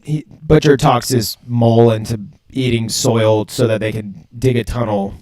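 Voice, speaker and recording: A man's voice: medium pitch, fairly even intonation, normal speed, a little mellow. A man co-hosting a podcast, recapping a TV episode in loose, laughing chat with plenty of swearing. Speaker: podcast co-host.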